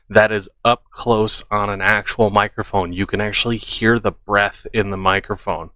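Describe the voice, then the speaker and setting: A man's voice: on the low side, fairly even intonation, a little fast, hardly any pauses, pushed and bright, dry recording. A man hosting a reaction video, giving casual, skeptical commentary as he debunks what he watches.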